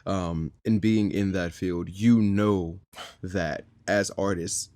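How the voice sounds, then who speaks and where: A young man chats easily as a guest, his voice sitting low. The sound is dry and close. He talks in an animated way, laughing and filling with "like". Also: takes it slowly, no echo. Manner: animated, laughs often, many fillers. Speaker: guest actor. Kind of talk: casual chat.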